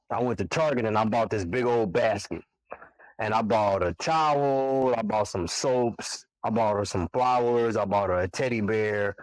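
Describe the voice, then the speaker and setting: A man in his forties, a guest on a podcast, telling a personal story in a casual, animated way and acting out his own reactions. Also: medium pitch, no echo, rough recording. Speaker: podcast guest, barber and single father.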